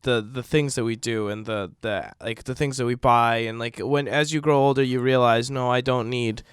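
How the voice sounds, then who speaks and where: A man's voice: mid-range voice, steady tone, moderate pace, clean tone, dry recording, clean studio sound. A young man co-hosting a podcast in casual chat, sick but loose and slangy. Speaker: podcast co-host.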